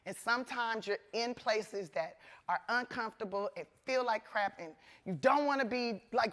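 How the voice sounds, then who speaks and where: A woman comedian speaking as a guest in an onstage conversation, animated and earnest, at times emotional. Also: a little high, moderate pace, few pauses. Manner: animated, acts out voices in quotes. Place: conference stage.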